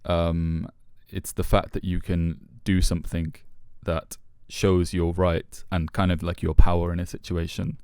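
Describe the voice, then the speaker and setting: Low, clear-voiced man discussing a book. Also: little pitch movement, a little mellow, no room sound, clean studio sound. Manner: thoughtful, halting with many fillers. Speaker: podcast co-host.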